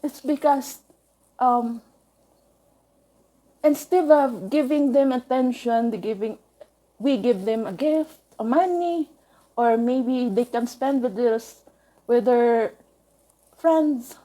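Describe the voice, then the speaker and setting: A woman telling a painful personal story in halting, emotional bursts, with frequent restarts. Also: a little high, dark tone, poor audio. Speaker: vlogger.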